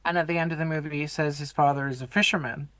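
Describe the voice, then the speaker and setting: A man co-hosting a movie podcast, calmly recapping the plot and explaining the characters in a measured way. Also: a little high, no echo. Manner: measured, explanatory, hesitant fillers. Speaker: podcast co-host. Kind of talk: casual film discussion, plot recap.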